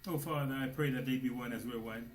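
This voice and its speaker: A man preaching a sermon, swinging between hushed low asides and loud exclamations, at times speaking as God in the first person. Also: steady tone, fast. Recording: echoey room with faint noise.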